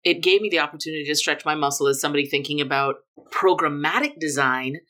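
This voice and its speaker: A middle-aged woman from Jamaica, a guest telling her story in a relaxed interview, with emphatic lifts on key words. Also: low-pitched, quick pace. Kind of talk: casual conversational interview.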